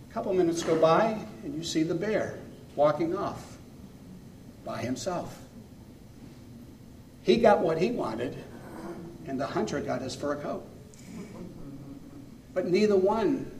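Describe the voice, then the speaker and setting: A man preaching in earnest, rising loud and dropping to near-quiet from phrase to phrase. His voice sits somewhat high for a man. The mic is far away and the church around him rings with echo. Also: expressive, a little hiss or hum. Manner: earnest, pausing phrase by phrase, swinging between loud and soft. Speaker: pastor. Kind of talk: sermon. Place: church sanctuary. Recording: echoey room, mic far off.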